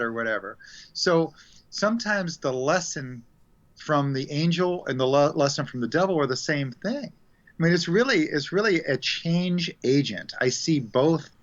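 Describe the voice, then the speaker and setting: A man talking casually about spiritual lessons as a radio guest, animated and acting out quoted voices. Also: fairly high pitch, measured pace. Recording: dull lo-fi sound.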